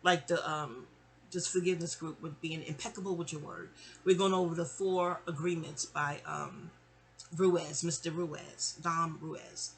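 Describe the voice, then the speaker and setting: In a deep, gravelly voice and at a slightly slow pace, a middle-aged woman from New York tells a long personal story as a casual storytime monologue. She's chatty and animated, taking on other people's voices as she goes.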